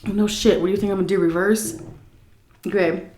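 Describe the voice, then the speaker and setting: A woman's voice: medium pitch, steady tone, fast, a little mellow. A woman vlogger chatting casually while she eats, telling a story and mimicking the people in it. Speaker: mukbang vlogger.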